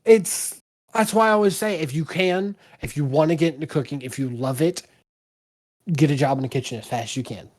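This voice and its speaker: A man's voice: a little high, brisk, darkish tone. A man from the American South, a guest in a casual podcast chat, giving blunt, emphatic opinions and swearing freely.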